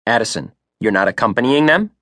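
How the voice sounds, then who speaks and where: A sharp, spunky woman running operations, read by a male narrator in his own mid-range voice, brisk and wry. She talks business plainly with a dry edge. The recording is dry and close. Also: medium pitch, animated, dry recording. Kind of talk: audiobook character voice.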